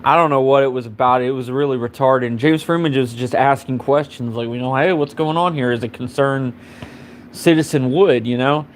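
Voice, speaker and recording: A man talking at an ordinary mid-level pitch, telling a story in a loose, rambling way. He swears freely and keeps stacking up fillers as he goes. There is a faint hum of background ambience behind him. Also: steady tone, a little fast. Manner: rambling and profane, heavy on fillers. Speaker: live streamer. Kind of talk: casual storytelling.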